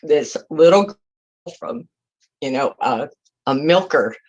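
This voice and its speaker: A woman's voice: sits low, animated, slow, darkish tone, highs cut off. A woman in her sixties from California, a retiring public defender giving heartfelt, emotional farewell remarks over a video call, close to tears.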